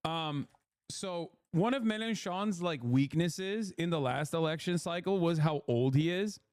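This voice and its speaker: A man's voice: fairly high pitch, a little slow, a little mellow, no echo. A man hosting a stream with casual political commentary, brash and profane, cracking jokes as he talks. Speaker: streamer host.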